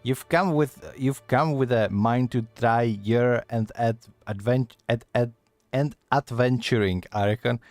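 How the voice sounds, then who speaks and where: Man reading out Baderon, a gruff tavern keeper. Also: medium pitch, a little mellow, dry recording, soft background music, lightly acted. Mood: stumbling. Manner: halting read-aloud, stumbling over the dialect. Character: seafaring male tavern keeper, gruff and worldly.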